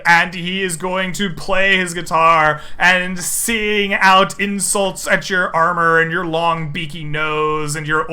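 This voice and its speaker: Man, game master, high voice, very bright tone, animated narration. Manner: animated, with shouted sound effects.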